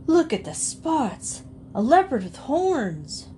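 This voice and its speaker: A woman's voice: high-pitched, very animated, slow pace, warm tone, a little hiss or hum, pitched above the performer's own voice, heavily acted. Woman reading as a blustering big country man. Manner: blustering, insistent. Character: stubborn hot-tempered big country man.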